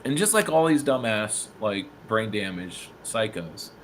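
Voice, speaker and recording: Guy telling a story on a podcast, mid pitch, gets loud doing the other voices, faint hiss behind. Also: measured pace. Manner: animated, acts out quoted people, swears. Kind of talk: casual storytelling chat. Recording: faint background noise.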